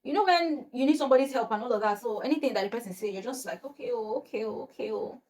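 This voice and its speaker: A young woman tells a personal story straight to camera. She talks casually and with animation, acting out each quote in its own voice. Her voice sits fairly high. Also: fast talker. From Nigeria. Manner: animated, acts out quotes with rising pitch, laughs between lines. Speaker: storytime vlogger.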